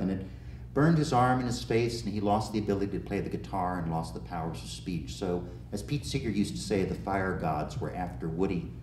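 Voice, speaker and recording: A man's voice: low voice, a little mellow, a little hiss or hum. A man who tells folk stories and leads the audience in a sing-along, speaking in a folksy, teacherly manner. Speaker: folk singer and storyteller. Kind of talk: storytelling and leading a sing-along. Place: community television studio or stage. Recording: roomy echo, voice heard from a distance, with guitar. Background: guitar.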